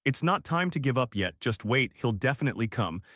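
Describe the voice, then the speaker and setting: A man's voice: medium pitch, big pitch swings, brisk, a bit bright, dry recording. Stubborn loyal young woman, a guy reading her lines, firm, dry sound. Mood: determined. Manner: firm and determined.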